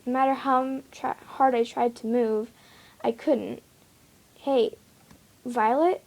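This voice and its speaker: A young woman reads a fan story aloud at a slow, unhurried pace. Her voice sits a little high with a gravelly, creaky texture. She makes small slips now and then. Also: little pitch movement, a little mellow.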